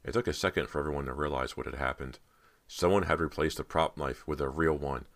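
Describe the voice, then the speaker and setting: Very deep-voiced male audiobook narrator. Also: fairly even intonation, fast, dry recording.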